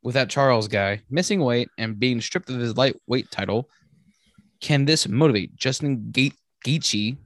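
A man's voice: medium pitch, lively intonation, unhurried, a bit bright, no echo, clean studio sound. A man co-hosting a podcast, reading listener questions and giving blunt, joking takes in casual sports chat. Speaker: podcast co-host.

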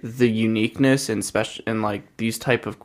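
A man's voice: lowish voice, steady tone, moderate pace. A man chatting casually as a podcast guest, hesitant and full of fillers. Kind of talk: casual chat.

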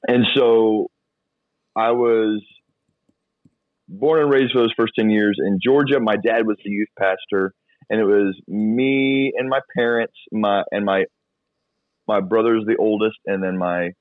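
A man's voice: on the low side, fairly even intonation, no room sound. A man with a Southern American accent, a youth and children's pastor, talking easily as a podcast guest. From southern United States. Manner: friendly, easygoing, quick to laugh. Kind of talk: casual interview. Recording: tinny phone-like call audio.

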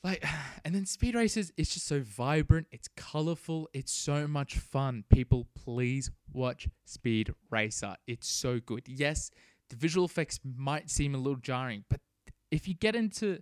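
A man's voice: on the high side, a little mellow, no room sound. Young man, podcast co-host, enthusiastic, dry close recording. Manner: enthusiastic, pleading recommendations. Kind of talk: casual podcast chat.

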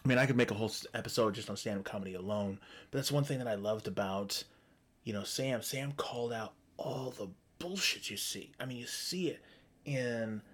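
A man's voice: lowish voice, fairly quick. A man delivering a profane, heated monologue as a podcast host, sarcastic and mocking others in put-on voices. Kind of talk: ranting monologue.

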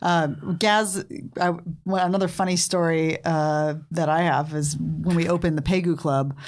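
Lower-voiced woman, bar owner telling stories. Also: steady tone, normal speed. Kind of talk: casual podcast chat.

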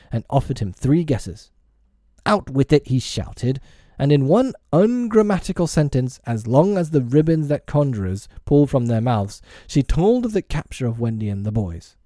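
An audiobook reader, male, narrates a storybook aloud in a measured, expressive way. His voice is medium-pitched, in a dry recording with clean studio sound.

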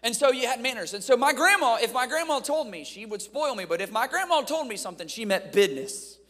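Upbeat male preacher from Ohio, high-pitched, storytelling sermon with playful crowd asides, long hall reverb. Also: very animated, fast talker, a bit bright. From Ohio, USA. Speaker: preacher at a youth camp.

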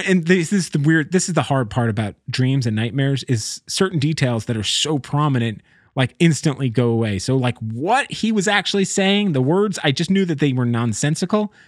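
A man's voice: mid-range voice, no echo, studio quality. A man telling a personal story in a rambling, casual way, often breaking off and laughing. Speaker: vlogger.

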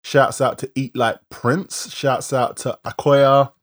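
A man co-hosts a live-streamed podcast. He chats casually in a middle pitch and reels off shout-outs to viewers in quick lists. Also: steady tone. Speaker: podcast co-host.

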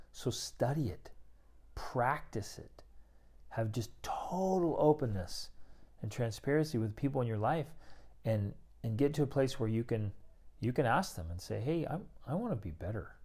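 A man's voice: mid-range voice, darkish tone, slightly rough. A middle-aged man giving an emphatic motivational talk on relationships to other men, acting out people's inner thoughts as he goes. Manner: emphatic, preachy, acts out inner monologues. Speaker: men's relationship coach.

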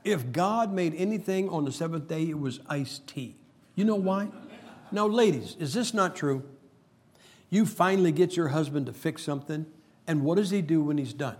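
A man's voice: on the high side, animated, fairly quick, darkish tone. A man preaching a humorous sermon, telling stories and making emphatic points with jokes. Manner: joking, storytelling, emphatic preacher.

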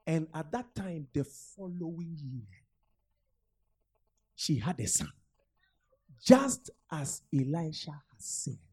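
A woman preaching a sermon, retelling a scripture story and urging her listeners with repeated calls and sudden shouts. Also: low voice, sing-song, takes it slowly, pauses often, breathy edge. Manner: repetitive, urgent exhortation with sudden shouts.

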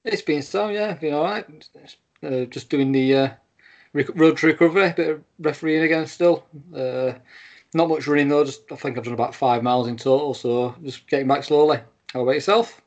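A man co-hosting a podcast in casual chat over a Skype call. He talks in an easygoing, halting way and laughs along. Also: a little high, darkish tone, muffled recording. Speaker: podcast co-host.

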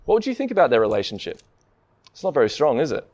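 A man's voice: medium pitch, very animated, fast, a little mellow. A man preaching a sermon in a conversational way, often asking the listeners rhetorical questions.

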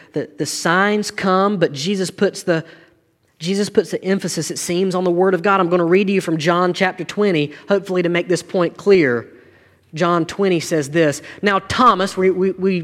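A man's voice: on the high side, a bit bright, long reverb tail. A man, preaching a sermon to his congregation with earnest, rising and falling intensity. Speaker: pastor.

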